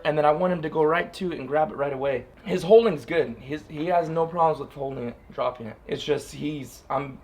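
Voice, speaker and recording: Gravelly man chatting to viewers outdoors. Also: a little high. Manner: plain-spoken, repeats himself, talks straight to viewers. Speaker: dog trainer, channel host. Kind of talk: casual training vlog. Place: outdoors, training a dog.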